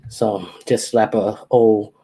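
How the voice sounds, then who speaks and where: Low-voiced woman hosting a chatty livestream. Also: fairly even intonation, slow pace, creaky, dark tone, husky. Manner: reads out viewer names with playful teasing. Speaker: livestream host. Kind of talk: casual livestream chat, greeting viewers. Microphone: computer or phone mic with echo.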